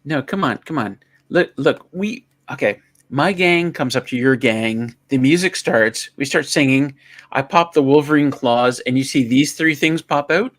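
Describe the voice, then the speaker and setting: A man hosting a casual livestream, an animated joke-teller. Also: mid-range voice, a little slow, no room sound. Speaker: livestream host. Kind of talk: casual chat.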